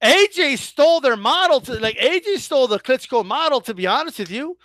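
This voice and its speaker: A man with a high voice, ranting in a casual vlog, rises and falls all over. He swears freely, trips over his words and keeps checking "right?" with his viewers. The sound is bright and dry. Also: fairly quick, no room sound. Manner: animated, stumbling restarts. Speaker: boxing commentator. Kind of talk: casual opinion rant.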